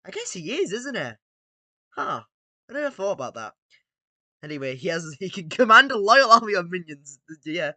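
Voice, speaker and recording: A man's voice: mid-range voice, fairly bright tone, dry recording. A man reading AI-written battle text aloud, casually reacting, swearing and joking between lines. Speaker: video creator.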